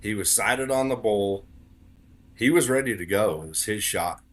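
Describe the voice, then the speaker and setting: A man's voice: fairly low pitch, moderate pace. A man as a podcast guest telling a story in casual conversation, earnest, repeating words for emphasis.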